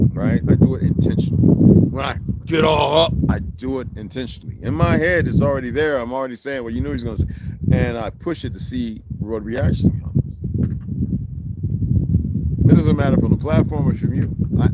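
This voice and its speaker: A man's voice: mid-range voice, normal speed, heavy background noise. An older man in a rambling outdoor monologue, blunt, profane and preachy. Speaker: vlogger.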